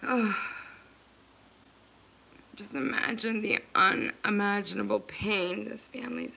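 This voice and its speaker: A woman hosting a livestream speaks earnestly and emotionally to her viewers, offering support and repeating herself. Her medium-pitched voice is steady, slow, and creaky, with a sharp tone.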